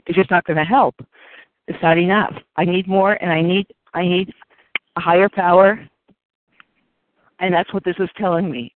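A woman sharing her story at a recovery meeting, earnest and halting, often repeating her phrases. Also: low-pitched, no echo. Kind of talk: personal share at a recovery phone meeting. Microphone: phone line. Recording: tinny phone line.

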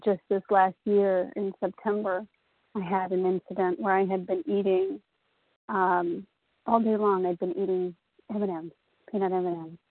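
A woman from Southwest Florida sharing her recovery story at a meeting, halting and emotional, with many pauses. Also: medium pitch, dry recording. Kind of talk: personal recovery share. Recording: tinny phone line.

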